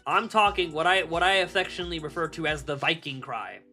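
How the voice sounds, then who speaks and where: A young man streaming live, chatting casually to his viewers, animated, laughing often and swearing freely. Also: on the high side, quick pace, faint music behind.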